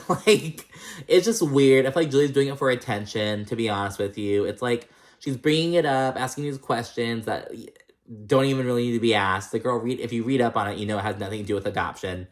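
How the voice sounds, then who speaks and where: A man's voice: medium pitch, quick pace. A man recapping reality TV in casual chat, blunt and sassy, swearing a lot and calling people "girl".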